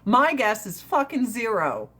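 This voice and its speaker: A woman's voice: a little high, very animated, a little slow, fairly bright tone, breathy edge. A woman in her forties chatting casually with viewers on a livestream, brash and profane, ranting and laughing often. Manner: laughs often between lines.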